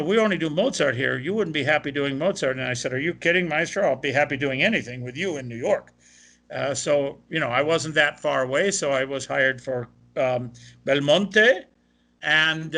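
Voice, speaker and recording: Bright older man recounting stories. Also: a little high. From Ohio, USA. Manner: animated anecdotal, quoting others. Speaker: guest, opera tenor. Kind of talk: interview storytelling.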